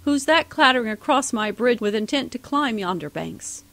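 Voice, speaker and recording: A woman's voice: on the high side, expressive, moderate pace, fairly bright tone, voice pushed up. A woman voicing an ugly one-eyed male troll who growls bullying threats. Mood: menacing.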